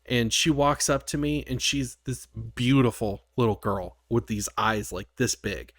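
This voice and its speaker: A man co-hosting a podcast, telling a story in casual chat with lively, profane energy. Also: medium pitch, unhurried, no room sound, studio quality. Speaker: podcast co-host.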